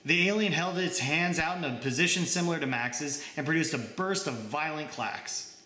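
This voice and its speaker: A young man reads his own short story aloud in an even, plain way. His voice is slightly high and bright, and the room around him echoes noticeably. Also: normal speed. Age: young adult. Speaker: author reading his story. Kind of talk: story reading.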